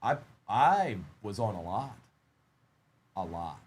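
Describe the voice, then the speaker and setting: A man's voice: fairly low pitch, sing-song, slow, darkish tone, husky. A man hosting a live-stream trading card break, chatting upbeat and casual while rattling off player names as he opens packs.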